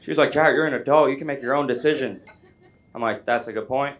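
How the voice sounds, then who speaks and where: A young man doing a stand-up comedy set on a club stage, chatty and self-deprecating, with quick asides to the crowd. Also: mid-range voice, lo-fi sound.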